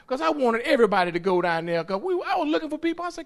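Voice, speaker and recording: A man giving an animated testimony in church, folksy and excitable, laughing and hollering as he tells it. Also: fast, few pauses. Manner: folksy, excitable, laughs while telling, hollers at the high points. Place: church sanctuary.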